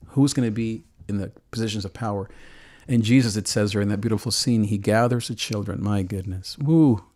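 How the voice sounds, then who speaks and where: An earnest man with a lowish voice talks with deep emotion, close to tears at times. He preaches warmly and loosely, restarting his phrases and laughing softly now and then. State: choked with emotion. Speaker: host. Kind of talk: emotional call-in show monologue on faith.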